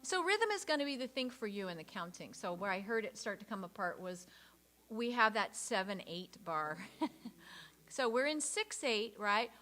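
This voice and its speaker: Bright and pushed, her medium-pitched voice is very animated at a normal speed as she directs a choir. She counts beats aloud, sings parts to illustrate them, and stays patient and encouraging, with a piano behind her in the rehearsal room.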